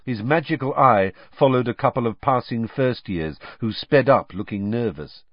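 A man narrating an audiobook with expressive storytelling and character voices. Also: fairly low pitch, slightly rough, no echo, dull audio.

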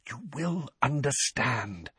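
A man doing a wise elderly wizard who speaks low and earnest. The voice is husky yet lively in its rises and falls, recorded dry and close. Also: moderate pace, dry recording. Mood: urgent. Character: wise elderly male wizard headmaster, calm and grave.

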